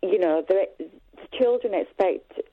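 A woman's voice: mid-range voice, dry recording. Hesitant woman on tinny phone line. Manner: hesitant, many pauses and fillers. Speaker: caller. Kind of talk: phone-in call.

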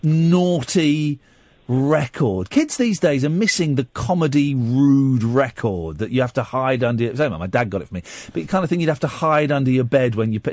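A man hosts a late-night radio phone-in, his voice swinging widely in pitch as he chats and laughs. The sound is dry and close to the mic, with no room in it. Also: dry recording. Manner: animated, laughing, chatty. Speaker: radio host.

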